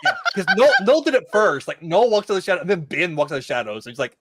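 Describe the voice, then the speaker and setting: A man who is a podcast guest, casually talking over a TV episode, opinionated and animated when he quotes the characters. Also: high-pitched, racing, dry recording, studio quality. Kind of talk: casual chat discussing a TV episode.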